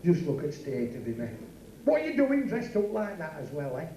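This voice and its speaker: A man's voice: a little high, huge pitch swings, moderate pace, reverberant, distant mic, crowd noise, poor audio. A man with a Yorkshire accent playing the scolding straight man in a club comedy double act, recorded live.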